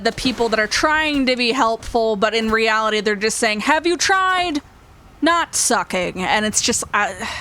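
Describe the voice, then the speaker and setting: A woman's voice: a little high, fairly bright tone. A young woman talking casually in a gaming vlog, chatty and gushing, with lots of fillers. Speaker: gaming YouTuber.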